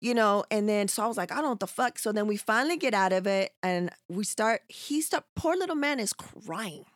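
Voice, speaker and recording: A woman's voice: medium pitch, brisk, dry recording, studio quality. A woman telling a story in casual chat, swearing freely and acting out what others said. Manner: animated, profane, acts out quotes.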